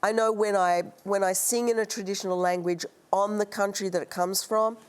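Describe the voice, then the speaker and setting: A woman's voice: medium pitch, steady tone, brisk, clean tone. A woman speaking as a panel guest, earnest and heartfelt. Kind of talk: panel discussion.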